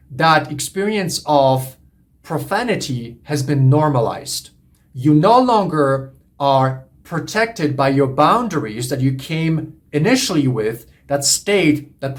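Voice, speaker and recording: Man, relationship coach, earnest emphatic lecture, slightly raised pitch, repeats key points. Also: lively intonation, a little slow. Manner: earnest, repetitive, emphatic teaching. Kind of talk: monologue lecture to camera.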